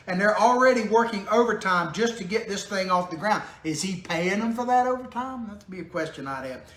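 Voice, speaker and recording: A man with a high, somewhat bright voice runs a political commentary show out of a small home studio that echoes. He keeps it casual, cracking sarcastic jokes and chuckling frequently.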